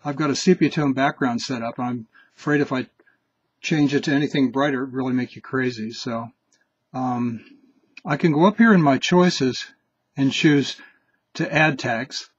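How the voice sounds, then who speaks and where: A man's voice: medium pitch, husky, no room sound, lo-fi sound. A man hosting a screen-recorded app tutorial, explaining in a casual, chatty way with some restarts. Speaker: tutorial host.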